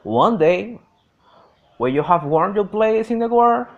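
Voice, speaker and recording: A woman's voice: mid-range voice, lively intonation, measured pace, highs cut off. A man voicing a proud young woman who dreams of marrying a brave, famous man, in an audiobook reading. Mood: hushing.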